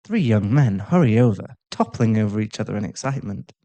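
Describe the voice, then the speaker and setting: A man narrating an audio role-play story in a calm, even way. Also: fairly low pitch, a little fast.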